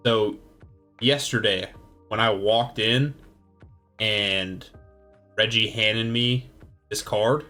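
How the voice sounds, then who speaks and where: A man voicing a quiet young female student who speaks in a hushed, confiding way. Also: fairly low pitch.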